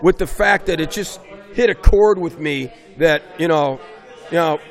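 A middle-aged man tells stories in a relaxed interview, his voice sitting high. He gets animated and pushes his voice up to stress the points he cares about. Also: measured pace, faint music behind. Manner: animated storyteller, raises voice for emphasis. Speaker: basketball coach, guest. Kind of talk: casual interview conversation.

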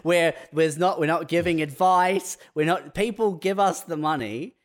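A man co-hosting a comedy podcast, talking quickly and joking about money schemes. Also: on the high side. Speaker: podcast co-host. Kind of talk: casual comedic chat.

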